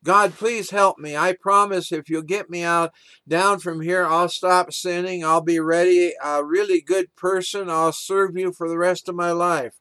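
A man voicing a desperate man hanging from a cliff, pleading and shouting for help. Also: high-pitched, fairly even intonation, measured pace, clean tone.

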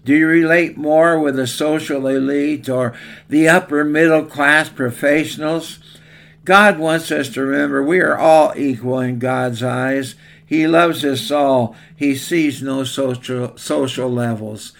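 A man preaching a sermon, telling a story in a slow, earnest way. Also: fairly high pitch, fairly even intonation, vocal fry, fairly bright tone.

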